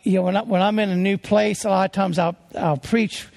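A man's voice: high-pitched, fairly even intonation, brisk, gravelly, darkish tone. A man preaching a sermon as a traveling preacher, earnest and emphatic as he tells stories.

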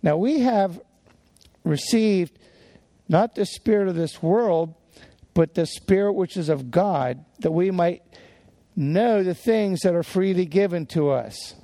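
Gravelly male pastor teaching a sermon. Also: high-pitched, takes it slowly, warm tone. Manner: conversational with chuckles and repeated restarts.

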